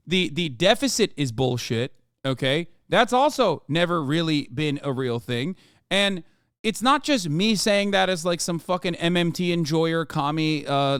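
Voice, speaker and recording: A man's voice: on the high side, a bit bright, smooth, dry recording, studio quality. A man streaming a reaction to the news, ranting in a heated, sweary, emphatic way. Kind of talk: profane live-stream rant.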